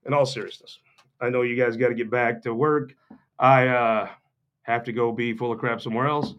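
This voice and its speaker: A man's voice: mid-range voice, level tone, normal speed, fairly bright tone, lo-fi sound. A man from Missouri speaks loosely to a room, cracking sardonic jokes as he goes. His talk rambles from point to point, full of mocking asides and restarts. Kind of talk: off-the-cuff humorous political talk.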